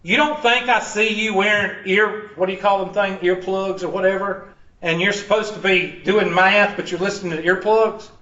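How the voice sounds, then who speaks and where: On the first day of his college math class, a man with a high, sharp voice jokes in a folksy way and calls on students by name, speaking steadily at normal speed. He sounds distant and muffled, with classroom echo surrounding him.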